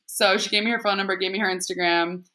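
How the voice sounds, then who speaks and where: A woman's voice: mid-range voice, steady tone, fast, sharp tone. A woman guest on a podcast, chatting casually and laughing often, with a lot of "like" in her speech. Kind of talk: casual chat.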